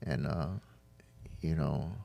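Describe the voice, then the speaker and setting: Telling his recovery story heartfeltly as a podcast guest, a man speaks candidly, stumbling through fillers and restarts and acting out conversations. His rumbling low voice is slow, level, and dark, with vocal fry.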